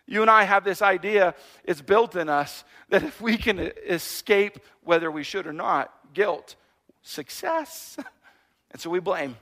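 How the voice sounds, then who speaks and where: Male pastor, high bright voice, lively joking sermon delivery. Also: moderate pace, hardly any pauses. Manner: animated, conversational preaching with playful asides.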